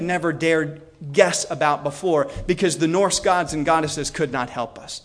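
Guy with a high voice lecturing a class, storytelling, does little voices for quotes. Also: normal speed, few pauses. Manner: storytelling, acts out quotes with shifts in pitch. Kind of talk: animated history lecture.

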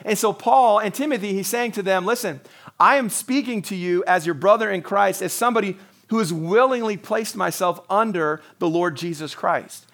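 A man's voice: sits high, moderate pace, fairly bright tone. A man preaching a sermon, earnest and conversational, quoting scripture and acting out voices with small laughs. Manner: earnest, quotes scripture in character, chuckles often.

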